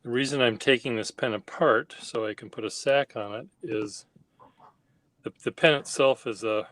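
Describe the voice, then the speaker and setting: A man from Minnesota with a Minnesota accent, calmly explaining a small task as he works. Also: mid-range voice, moderate pace. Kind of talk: casual chat.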